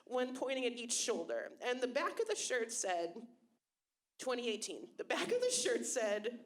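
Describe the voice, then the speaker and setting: High lively young woman doing stand-up. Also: moderate pace. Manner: deadpan self-mocking with sudden loud bursts. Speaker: stand-up comedian. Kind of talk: stand-up comedy set. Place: comedy club stage with live audience.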